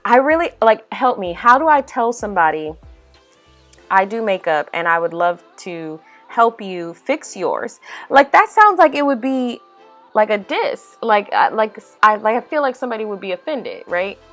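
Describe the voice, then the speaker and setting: A young woman chatting casually as a makeup vlogger, animated and full of "y'all" and "like.". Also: mid-range voice, normal speed. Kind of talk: casual voice-over chat. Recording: faint music underneath.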